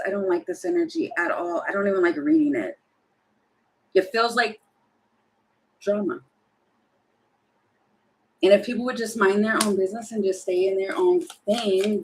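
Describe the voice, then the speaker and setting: A woman talking her way through a live tarot reading, chatty and thinking aloud, exasperated at times and slipping into quick acted-out voices. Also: medium pitch, slight background noise, poor audio. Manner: exasperated about the energy. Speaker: tarot reader.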